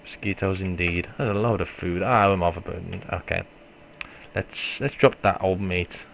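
A gamer with a low, creaky voice and fairly even intonation talks at normal speed during a casual let's play. He swears and jokes at himself, going loud in reaction and then muttering. Slight background noise runs underneath.

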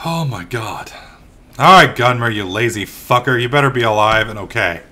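A young man hosting a let's play, commentating excitably and shouting curses at the game. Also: mid-range voice, normal speed. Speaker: gaming channel host.

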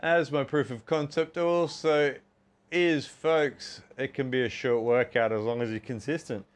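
A man's voice: medium pitch, steady tone, measured pace. An Australian man in his forties chatting casually and self-mockingly to his viewers while doing push-ups, counting reps between jokes. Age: 40s. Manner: chatty, self-mocking, keeps calling the audience folks. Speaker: fitness streamer. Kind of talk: casual chat while working out.

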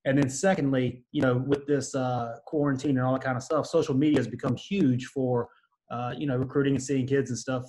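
A man's voice: mid-range voice, steady tone, fairly quick, dark tone. A male host asking a guest a long, rambling question full of fillers. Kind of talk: interview question.

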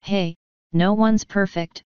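A woman's voice: medium pitch, fairly even intonation, slow pace, smooth, no room sound, lo-fi sound, lightly acted. A woman voicing a tough female griffon mercenary who talks in a blunt, offhand way, in a storybook reading. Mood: regretful.

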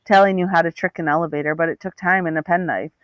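A woman narrating an audiobook with steady, expressive storytelling. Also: on the low side, fast, no room sound, muffled recording. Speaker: audiobook reader.

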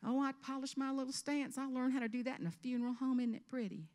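A woman in her fifties from South Carolina with a Southern US accent, giving a humorous keynote speech on stage with animated storytelling. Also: high voice, fast, big-room sound. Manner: animated storytelling with character voices. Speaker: motivational speaker. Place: event stage before an audience.

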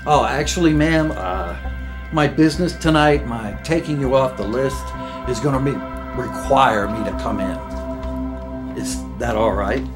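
A man's voice: medium pitch, a little slow, over loud music. A man in a comic sketch, talking hesitantly with many stammers and fillers, then turning brash. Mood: hesitant polite. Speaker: comedy video maker. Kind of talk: comic sketch with prank call.

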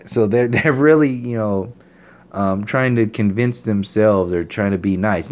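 A man with a somewhat low voice delivering unscripted commentary. He is blunt and heated and swears freely. His speech is loose, full of fillers and restarted phrases. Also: normal speed, darkish tone. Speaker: channel host.

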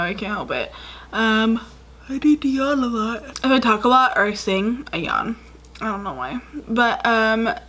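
A woman's voice: medium pitch, fairly bright tone. A woman in her twenties telling childhood stories to camera in a chatty, rambling way, with many fillers. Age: 20s. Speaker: vlogger. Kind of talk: casual storytelling to camera.

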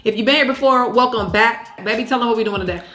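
A woman co-hosting a mukbang, talking in an animated, playful way and laughing often. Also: fairly high pitch, quick pace, reverberant, faint music behind. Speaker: co-host of a mukbang channel. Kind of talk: casual chat while eating.

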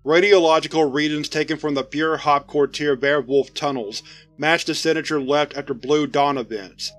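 Casting: male narrator, fairly high voice, steady report read over faint music. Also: moderate pace. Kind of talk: scripted narration of a horror report.

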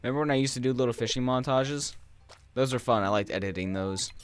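A young man giving crude, rambling gameplay commentary, breaking into loud excited yelling at times. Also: medium pitch, fast talker, smooth. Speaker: gaming YouTuber.

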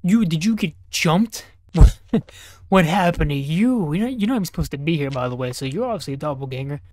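A man's voice: a little high, expressive, fairly quick, a little mellow, no room sound, studio quality. Young man joking through gameplay. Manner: joking, talks to characters on screen; reads numbers and notes aloud under his breath. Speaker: gaming YouTuber. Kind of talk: casual gameplay commentary.

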